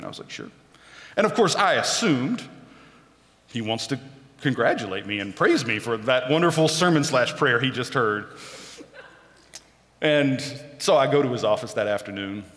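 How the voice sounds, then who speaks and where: A man's voice: mid-range voice, fairly bright tone, in a large hall. A man preaching a sermon, telling a personal story with self-deprecating humor.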